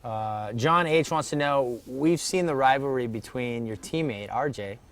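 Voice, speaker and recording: A man's voice: mid-range voice, a little slow. A man hosting a casual live chat and reading viewer questions, with a joking, teasing manner.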